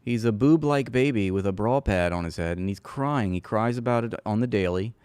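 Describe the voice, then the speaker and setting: A man's voice: lowish voice, fairly quick, darkish tone, smooth, no echo. A man hosting a casual political commentary show, talking in a sarcastic, mocking way and sometimes laughing at his own jokes.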